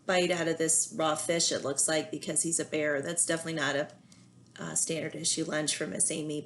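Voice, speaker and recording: A woman teacher reading a children's picture book aloud, pausing often to gently explain feelings to young listeners. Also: on the low side. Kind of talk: children's read-aloud with commentary.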